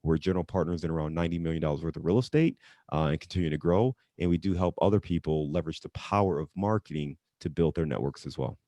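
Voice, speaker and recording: A man talking as a guest on an online webinar, relaxed and conversational. His voice sits very low. The recording is dry, from a call mic. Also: fast talker, no room sound. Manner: relaxed, conversational, frequent fillers. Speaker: real estate investor guest. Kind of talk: casual webinar chat.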